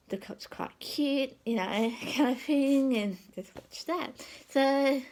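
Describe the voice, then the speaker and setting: A woman's voice: medium pitch, slow, creaky, few pauses, low-quality recording. A woman, a psychic, telling a rambling personal story in a casual, conversational way that often trails off.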